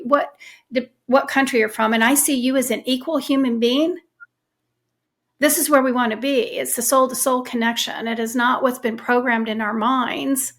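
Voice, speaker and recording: Gravelly, higher-voiced woman hosting a podcast. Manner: earnest, emphatic, rambling with repetitions. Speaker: podcast host. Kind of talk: casual conversational interview.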